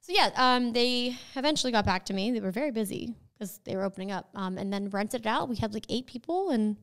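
A woman's voice: a little high, lively intonation, fast, a bit bright, clean tone. A woman co-hosting a podcast in casual chat with her sister, telling stories with lots of "like" and dramatic gasps. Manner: chatty storyteller, lots of "like" and gasps. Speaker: podcast co-host.

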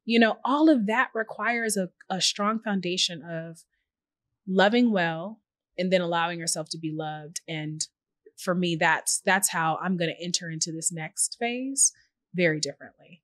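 A woman's voice: on the low side, normal speed, no room sound. Earnest woman on a dry close mic. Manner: earnest, animated, with playful quoted asides. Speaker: podcast guest, tech journalist and founder. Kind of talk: reflective conversational interview.

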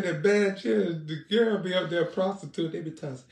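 A man's voice: high voice, fairly quick, creaky, few pauses, darkish tone. A man preaching on a broadcast who jokes, teases his listeners and laughs often. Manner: playful, laughs often, teasing the audience. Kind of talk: joking live-stream preaching. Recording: echoey room, distant mic.

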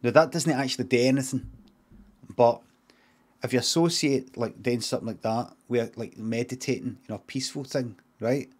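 A middle-aged Scottish man improvising a comic story, rambling and deadpan, swearing freely and drifting off on tangents. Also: medium pitch, moderate pace, breathy edge. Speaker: streamer.

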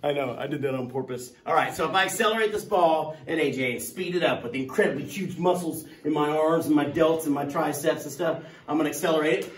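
Male teacher, playful and jokey, high voice, roomy classroom sound. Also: quick pace, few pauses. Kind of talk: classroom lesson. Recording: echoey room, mic at a distance.

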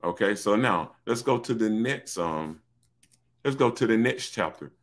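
A man teaching an informal Bible study, excitable, often repeating himself and calling to his listeners. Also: lowish voice, a little slow. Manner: excitable, repeats "look", addresses listeners as baby.

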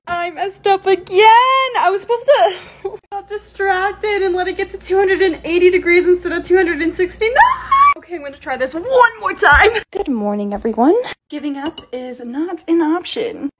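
A young woman narrating her own lifestyle vlog in a bubbly, excitable voice-over. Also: very high voice, normal speed, background noise. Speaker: beauty and lifestyle creator.

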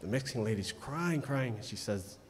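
A man's voice: medium pitch, animated, moderate pace. A man emceeing a live pageant, making announcements and telling a long joke to the audience over a microphone. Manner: chatty, storytelling, loud announcements. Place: large indoor event hall. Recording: long reverb in a large hall.

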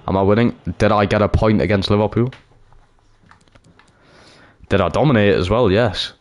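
Brief: deep-voiced man, excitable gameplay commentary. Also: moderate pace, pauses often. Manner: excitable, swings from cheering to groaning. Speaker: gaming YouTuber.

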